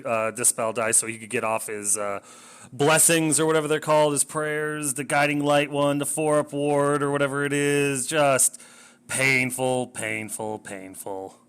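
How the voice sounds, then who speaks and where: A man's voice: a little high, steady tone, normal speed, a bit bright, clear, resonant tone. A man casually narrating a tabletop wargame battle report, rambling, self-deprecating and swearing when things go wrong.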